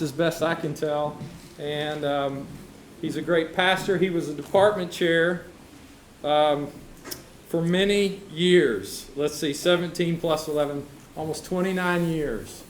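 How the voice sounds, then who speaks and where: A man's voice pitched a little high, introducing a speaker at a symposium. He halts and fills gaps with "uh" as he goes. The hall around him is roomy and echoing, with faint noise underneath. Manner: halting, many "uh" fillers. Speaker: symposium moderator.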